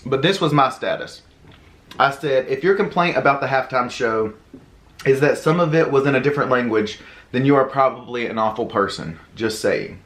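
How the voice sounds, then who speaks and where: A man's voice: mid-range voice, normal speed. Chatty Southern man ranting. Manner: animated, indignant ranting with many fillers. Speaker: podcast co-host. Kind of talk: casual chat. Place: home, eating at table.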